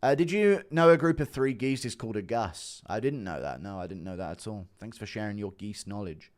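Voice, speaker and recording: A young man hosting a livestream, chatting casually and swinging between loud bursts and low mumbles. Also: lively intonation, brisk. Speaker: livestream host.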